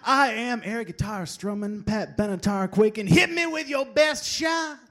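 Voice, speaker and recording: Slam poet: man, high voice, rhythmic chant that erupts into shouts. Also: measured pace. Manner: rhythmic, builds to shouted bursts. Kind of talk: performance poetry.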